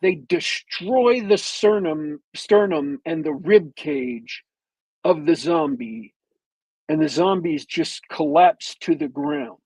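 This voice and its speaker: A man on a podcast with a bad cold, retelling a movie plot as a meandering, detailed storyteller with long pauses. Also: fairly high pitch, expressive, gravelly, darkish tone, slightly rough, no room sound, poor audio. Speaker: podcast co-host.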